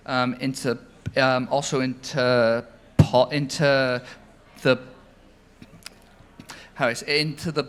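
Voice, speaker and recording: A man, a company founder, telling stories at an onstage interview, animated, with many ums and restarts. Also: medium pitch, slow pace, pauses often, clear, resonant tone. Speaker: founder and CEO. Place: event stage before an audience.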